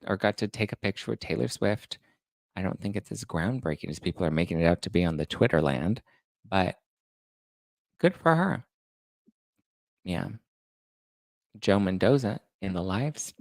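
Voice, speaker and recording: A man hosting a casual celebrity gossip show, talking in a campy, shade-throwing way with quick asides. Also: lowish voice, expressive, creaky, no room sound, clean studio sound. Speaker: podcast host.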